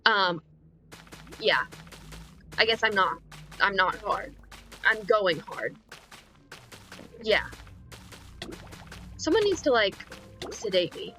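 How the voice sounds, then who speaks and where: A young woman streaming a game, keeping up an excitable, self-mocking running commentary as she plays. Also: mid-range voice, slow pace, long pauses, soft background music. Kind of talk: casual live-stream chatter while gaming.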